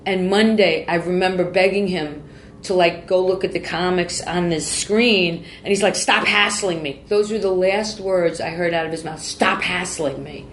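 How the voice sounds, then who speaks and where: A woman in her forties with a lowish voice tells her story bluntly, swearing freely and breaking off mid-sentence. The room is roomy and echoey, with a faint hum of ambience behind her. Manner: raw, profane, self-interrupting. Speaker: guest. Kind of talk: candid personal storytelling.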